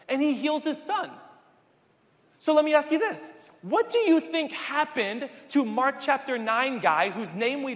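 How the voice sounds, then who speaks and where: A man's voice: high-pitched, fairly bright tone, in a large hall. Guy pastor preaching, chatty, keeps asking the crowd stuff, voice swoops up and down a lot. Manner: conversational, asks the congregation questions. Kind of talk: sermon.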